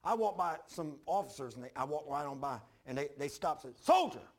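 An older man preaching a sermon, telling his own story in a folksy, repetitive way with sudden loud bursts. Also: fairly high pitch, fairly quick. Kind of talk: sermon with personal testimony.

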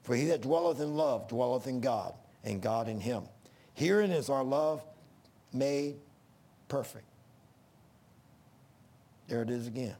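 A man's voice: mid-range voice, a little slow, pauses often, mellow. A middle-aged man preaching a sermon in an earnest, folksy way that rises to emphatic bursts.

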